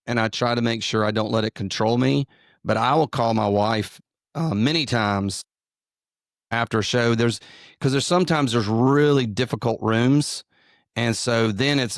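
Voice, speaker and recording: A middle-aged Southern man who is both comedian and pastor talks with a US drawl in an interview conversation, telling rambling, self-deprecating stories with frequent restarts. He is from the American South and has a mid-range voice. Studio quality, no echo.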